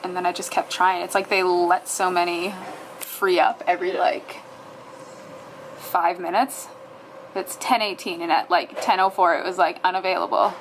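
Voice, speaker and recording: Gravelly-voiced woman ranting at her screen. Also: fairly low pitch, flat delivery, moderate pace, slight background noise, low-quality recording. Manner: exasperated, swearing, talking to herself at a screen. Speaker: fitness vlogger. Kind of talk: casual vlog commentary.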